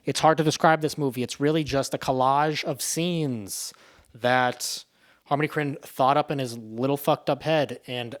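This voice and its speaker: Man, casual movie review, rambling, profane, offhand, mid-pitched voice. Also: steady tone, moderate pace.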